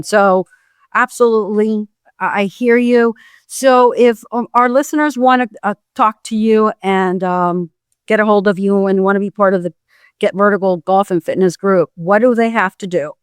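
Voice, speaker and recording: A middle-aged woman hosting a podcast, chatty and warm, often pausing on fillers. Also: medium pitch, clean tone, no echo, clean studio sound. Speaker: podcast host. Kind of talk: casual interview chat.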